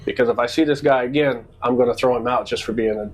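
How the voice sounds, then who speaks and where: Man, casual podcast co-host, husky voice, animated storyteller. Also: medium pitch, fast, low-quality recording. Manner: animated storyteller acting out quoted exchanges.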